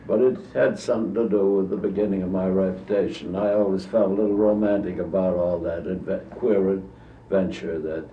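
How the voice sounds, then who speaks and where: This archival interview features an elderly American man in his 80s recalling old stories at length in a very low voice with fairly even intonation, often drifting off and haltingly restarting. The dull old tape catches him far from the mic in an echoey room, with faint hiss.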